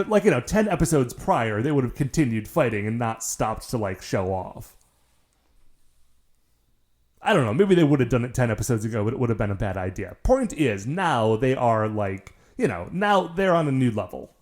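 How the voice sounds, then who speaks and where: A man's voice: medium pitch, big pitch swings, a little fast, hardly any pauses. A man co-hosting a podcast, recapping an episode with wry, sarcastic commentary. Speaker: podcast co-host. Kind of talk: casual episode recap chat.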